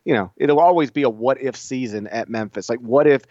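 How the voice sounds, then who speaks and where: A man's voice: medium pitch, brisk, warm tone, no echo. A middle-aged man co-hosting a casual sports podcast, teasing his partner and rambling through stories. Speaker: podcast co-host. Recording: dull lo-fi sound.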